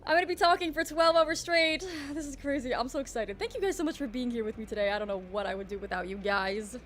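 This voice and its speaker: A woman's voice: fairly high pitch, fast talker, a bit bright, slight background noise. Groggy, chatty young woman streamer. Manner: chatty and rambling, greeting chat. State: groggy morning voice. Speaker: livestreamer. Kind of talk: casual live-stream chat.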